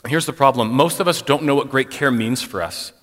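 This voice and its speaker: A middle-aged man speaks to a church congregation in a frank, conversational way, leaning on casual "like"s. His voice is bright and forceful. It carries a long reverb from the hall around him. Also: medium pitch, fairly quick. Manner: conversational, frank, personal, uses "like" often. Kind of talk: candid church talk on mental health. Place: church sanctuary.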